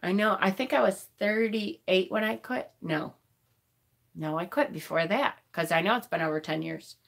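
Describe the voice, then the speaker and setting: A woman's voice: mid-range voice, moderate pace, vocal fry. A woman in her forties chatting on a live stream, emotional and tearful, laughing and swearing often. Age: 40s. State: crying. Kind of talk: casual live-stream chat. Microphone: phone.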